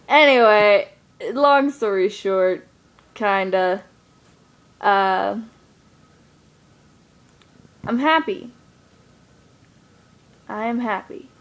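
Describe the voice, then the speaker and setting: A woman's voice: mid-range voice, drawn-out words, pauses often. A young woman vlogging to her camera, telling a personal story in a rambling casual way, full of fillers. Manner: rambling, lots of fillers like "like" and "you know".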